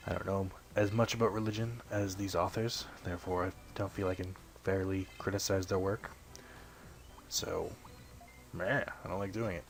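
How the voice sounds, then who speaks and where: Young guy w a deep low voice rambling thru a let's play, swears a lot, keeps clearing his throat. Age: young adult. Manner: rambling, self-deprecating, swears casually. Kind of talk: casual gameplay commentary.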